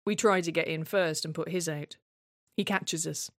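A woman's voice: low-pitched, steady tone, moderate pace, no echo, studio quality. A woman performing a scripted first-person monologue in a wry, reflective, conversational way.

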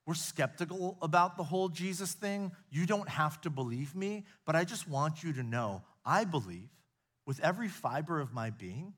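A middle-aged preacher from the United States delivering a sermon in a church before a live audience. His voice sits a little high for a man and swings from emphatic declarations to hushed, confiding stories. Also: lively intonation, normal speed, husky. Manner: earnest preacher, rising to emphatic peaks, dropping to soft confiding storytelling. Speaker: pastor.

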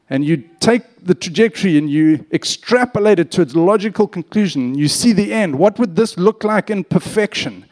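A male preacher with a fairly high voice that swoops up and down as he tells a funny story. He acts out the quotes with real energy, then slows into a measured sermon. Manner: animated storyteller, acts out quotes, cheeky humor. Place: church.

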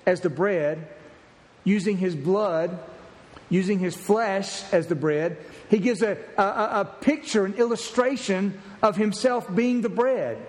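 A man's voice: sits high, darkish tone, big-room sound. A man preaching a sermon as pastor, emphatic and repeating key phrases for emphasis.

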